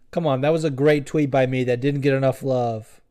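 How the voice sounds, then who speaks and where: A man's voice: medium pitch, mellow. A young man hosting a podcast, chatting in a rambling, profane, joking way. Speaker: podcast host. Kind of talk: casual podcast chat.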